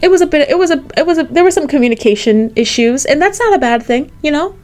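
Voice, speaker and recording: A woman's voice: sits high, quick pace. Chatty American woman telling a story. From United States. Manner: chatty, animated, frequent "like" fillers. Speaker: vlogger. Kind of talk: casual storytime.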